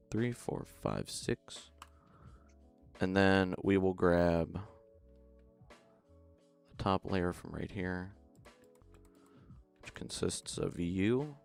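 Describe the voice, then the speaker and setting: A man's voice: low-pitched, gravelly, clean tone. A young man around twenty, giving mumbled running commentary as he builds in a game stream. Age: young adult.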